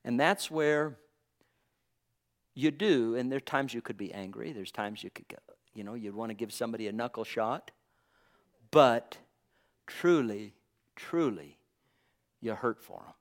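A man's voice: medium pitch, measured pace, long pauses. A man preaching a sermon in an impassioned, conversational way, dropping in exclamations of praise.

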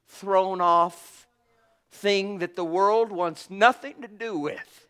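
A man preaching a sermon with fervor, swinging between booming exclamations and hushed murmurs, calling his listeners honey and sweetheart. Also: slow, clean tone.

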